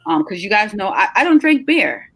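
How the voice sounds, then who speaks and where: A woman's voice: mid-range voice, no room sound. A middle-aged woman hosting a casual live chat, talking in a chatty, encouraging way and sounding tired. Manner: chatty, animated, encouraging, drawn-out emphatic words. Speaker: host, travel agency owner.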